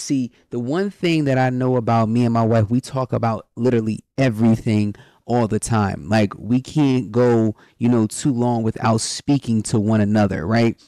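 A man's voice: mid-range voice, warm tone, no room sound. A man co-hosting a podcast with his wife, talking in a casual, slangy, rambling way with lots of fillers. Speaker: podcast co-host.

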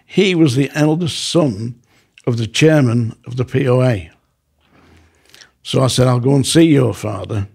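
A man's voice: medium pitch, a little slow, vocal fry, long pauses, slightly rough. A man, a former prison officer, telling his stories in a casual podcast chat and acting out the dialogue in them. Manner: animated, acts out quoted dialogue. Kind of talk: casual storytelling.

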